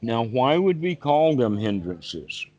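A man's voice: medium pitch, very animated, slow, a little mellow. A male meditation teacher giving a patient, repetitive teaching talk over a video call. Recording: dull, dry lo-fi call audio.

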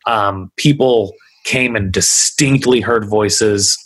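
A man's voice: on the low side, slow pace, fairly bright tone, slightly rough. A man hosting a video podcast, talking in a loose, chatty way with plenty of fillers. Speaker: podcast host. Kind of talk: casual chat.

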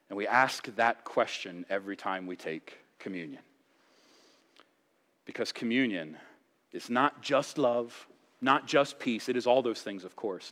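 A man's voice: on the low side, fairly bright tone, in a large hall. A male pastor preaching a sermon with impassioned emphasis, rising and dropping his voice to drive points home. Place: church sanctuary.

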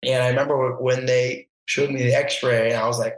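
A man tells a story as a podcast guest, chatty and animated, slipping into the voices of the people he quotes. His voice has an average pitch. The room around him gives a clear, roomy echo. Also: a little fast, few pauses. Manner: animated, acts out quoted voices, laughs often. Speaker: podcast guest, barefoot water skier. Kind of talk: casual storytelling.

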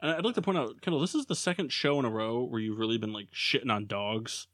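A man's voice: medium pitch, fast, a bit bright. A man hosting a casual sports podcast, leading segments in a jokey way with plenty of fillers. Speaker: podcast host.

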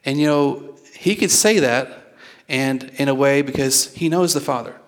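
A man's voice: mid-range voice, unhurried. A male pastor preaching a sermon in a conversational way, repeating words as he goes and drawing the congregation in with questions. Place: church.

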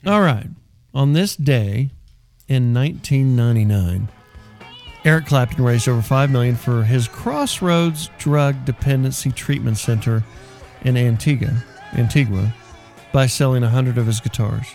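A man hosting a weekend morning radio show. He talks in a casual, rambling way and jokes with his co-host, with a middle-pitched voice. Faint guitar music plays underneath. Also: normal speed, creaky, a little mellow. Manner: loose, joking, rambling.

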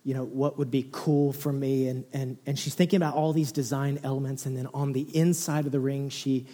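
A man in his thirties preaching a sermon, telling a personal story with a lively, animated delivery that swings between hushed, low passages and excited near-shouts. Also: brisk. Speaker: pastor. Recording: long hall reverb.

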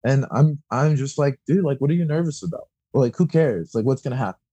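A young man with a dark, husky voice talks bluntly about coaching in a relaxed podcast chat. He swears freely and acts out what people said to him. The sound is dry and close. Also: mid-range voice, quick pace, no room sound, dull audio. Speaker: wrestling coach and guest.

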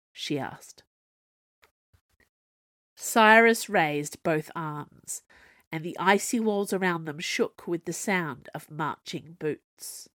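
Female narrator, lower voice, lively storybook reading, dry close recording. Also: slow, no room sound. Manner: expressive, voices dialogue with big pitch jumps. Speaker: author narrating her own serial story.

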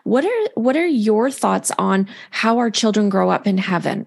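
A middle-aged woman hosting an emotional podcast interview, asking gentle questions and speaking openly about her own grief. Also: mid-range voice, big pitch swings, normal speed, vocal fry, soft background music. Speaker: podcast host.

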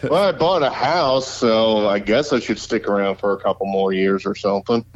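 A man's voice: lowish voice, lively intonation, measured pace, slight background noise. A man from Pennsylvania co-hosting a casual podcast, talking in a rambling way with many fillers. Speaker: podcast co-host. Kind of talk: casual chat. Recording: slightly dull lo-fi audio.

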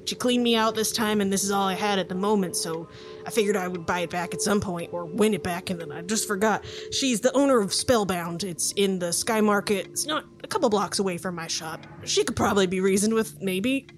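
A woman's voice: medium pitch, natural voice. A woman voicing a scatterbrained male djinn father, flustered and rambling, over background music.

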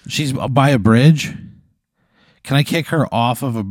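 A man's voice: mid-range voice, measured pace, dry recording, studio quality. A man co-hosting a podcast, reacting in casual comedic banter with exasperated, profane remarks. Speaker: podcast co-host.

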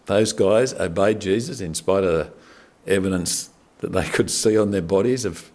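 A man's voice: sits low, moderate pace. Middle-aged man preaching conversationally. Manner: conversational, animated preaching with frequent fillers and restarts. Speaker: pastor. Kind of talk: sermon.

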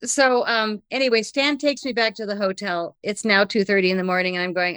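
A woman telling a personal anecdote in conversation, lively and breathless, acting out the lines of the people in it. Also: mid-range voice, brisk, few pauses, clean tone, dry recording. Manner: lively, breathless retelling with acted-out quotes.

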